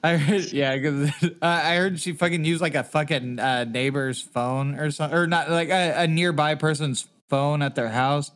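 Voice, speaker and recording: A man's voice: on the high side, steady tone, normal speed, few pauses, fairly bright tone. A man co-hosting a podcast in loose, rambling casual chat, swearing a lot and laughing often. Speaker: podcast co-host.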